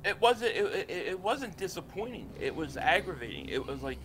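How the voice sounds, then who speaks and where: Heated sports-talk panelist, male, pushy and forceful in tone. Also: high voice, big pitch swings, moderate pace, a little hiss or hum. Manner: heated, ranting.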